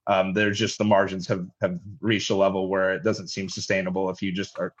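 A man running a logistics company, answering radio interview questions in a halting way with many restarts. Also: low-pitched, little pitch movement. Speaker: logistics company head, guest. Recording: dull lo-fi line.

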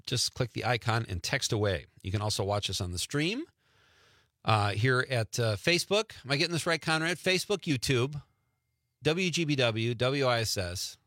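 Chatty, animated radio host man. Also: mid-range voice, no echo, clean studio sound. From Wisconsin. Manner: chatty, animated, laughs often. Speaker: radio talk show host. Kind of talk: casual radio talk.

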